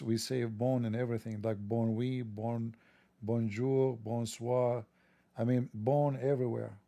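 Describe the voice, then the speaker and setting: Gravelly, dark-voiced man mocking sarcastically. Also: medium pitch, no echo. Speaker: livestream host. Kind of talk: mocking monologue.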